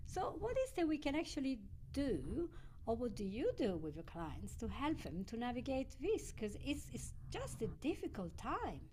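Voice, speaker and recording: A woman hosting a casual interview, chatty and animated, laughing often. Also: sits high, moderate pace, slight background noise. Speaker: podcast host.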